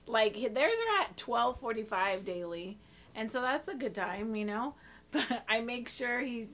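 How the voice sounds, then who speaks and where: A woman, a mother, telling lively anecdotes with frequent laughter in casual chat. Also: fairly high pitch, measured pace.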